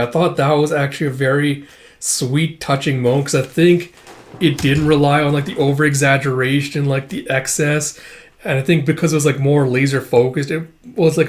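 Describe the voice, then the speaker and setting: A man hosting his own channel, giving a rambling, candid spoken review of a manga volume, full of "like" and "you know" fillers. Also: on the high side. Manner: opinionated, candid critique.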